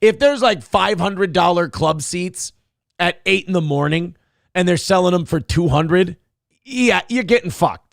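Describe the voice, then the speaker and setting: A man's voice: high-pitched, a little slow, gravelly, dry recording, studio quality. A man hosting a morning show, giving crude, mocking commentary on the news and swearing heavily. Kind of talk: profane comedic news commentary.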